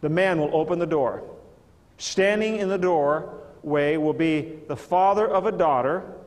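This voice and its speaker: A middle-aged man preaching as an evangelist, telling stories in an animated way with many stammered repetitions. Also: on the high side, unhurried. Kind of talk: storytelling sermon to a live audience. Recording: reverberant hall, live audience.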